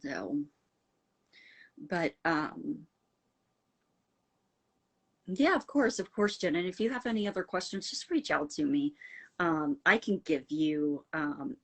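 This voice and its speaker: Low-voiced woman rambling on a livestream. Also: expressive, slow pace, pauses often, a bit bright. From United States. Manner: rambling and heartfelt, full of fillers, answering viewer comments. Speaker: livestream host. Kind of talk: casual livestream chat.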